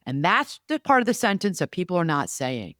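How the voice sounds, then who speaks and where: A woman talking through family conflict advice in a lively voice that swings up and down. She acts out quoted lines as she goes, and her voice sounds close and dry with no room echo. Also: on the low side, fairly quick. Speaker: podcast co-host. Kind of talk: casual advice conversation.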